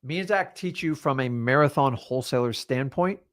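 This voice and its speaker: A man's voice: mid-range voice, moderate pace, a bit bright, no room sound, studio quality. A middle-aged man, a real estate coach, giving a blunt motivational masterclass and swearing casually as he talks.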